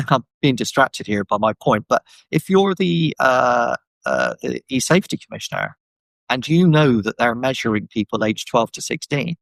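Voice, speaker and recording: Gravelly-voiced man, animated podcast guest. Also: medium pitch, moderate pace, no echo, rough recording. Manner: animated, acts out quoted voices, many fillers. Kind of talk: casual conversational discussion. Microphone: video call microphone.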